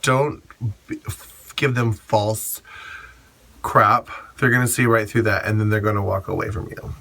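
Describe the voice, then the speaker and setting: A man's voice: on the low side, steady tone, unhurried, vocal fry, bright, forceful tone. A man who performs as a drag queen, giving blunt, sassy advice in a casual vlog monologue and swearing freely.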